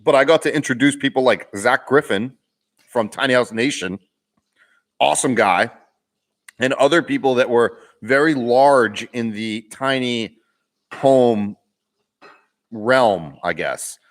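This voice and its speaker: A man's voice: mid-range voice, measured pace, pauses often. A man chatting casually as host of a live Q&A stream, rambling and conversational, often checking in with the listener. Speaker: livestream host.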